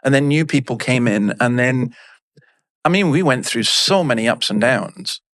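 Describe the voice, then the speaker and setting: A man's voice: medium pitch, normal speed, no room sound, studio quality. A middle-aged man, a minister telling blunt, emphatic stories as a podcast guest. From Scotland. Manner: lively anecdotal storyteller, blunt and emphatic. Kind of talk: storytelling in a podcast interview.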